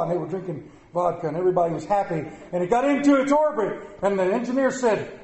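High, animated preacher man. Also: fast, roomy sound, rough recording. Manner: animated storytelling, jokey asides. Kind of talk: lively sermon with humor.

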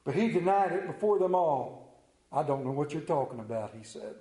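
A man preaching, reading a Bible passage aloud slowly and with emphasis. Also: on the high side, lively intonation, warm tone, echoey room, poor audio. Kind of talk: scripture reading in a sermon.

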